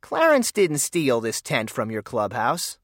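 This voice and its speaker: A storyteller voicing a confident young boy detective who speaks crisply and surely. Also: medium pitch, wildly swooping pitch, a little slow, dry recording, studio quality, heavily acted. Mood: calm confident.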